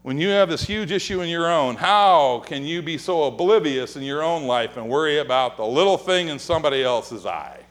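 Animated joking pastor preaching in a sanctuary. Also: male voice, fairly high pitch, normal speed, few pauses. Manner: animated, joking storyteller who acts out quotes and whispers. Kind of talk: sermon. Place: church sanctuary.

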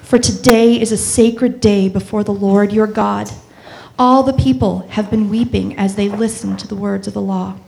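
Female scripture reader, gravelly, mid-pitched, steady solemn reading. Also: normal speed, slight background noise, low-quality recording.

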